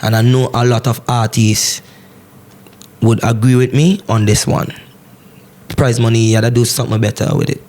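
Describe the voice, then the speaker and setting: A man's voice: medium pitch, steady tone, normal speed, pauses often, a little mellow. A man, a soca and calypso singer, making an earnest and repetitive appeal to the camera on a TV music show. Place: television music show stage. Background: live band music.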